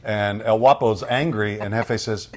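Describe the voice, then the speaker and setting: A man's voice: lowish voice, steady tone, a little slow. A middle-aged man from Louisiana, a radio voice-over artist, telling stories casually in an interview with frequent restarts. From Louisiana, USA. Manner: chatty, rambling with frequent restarts.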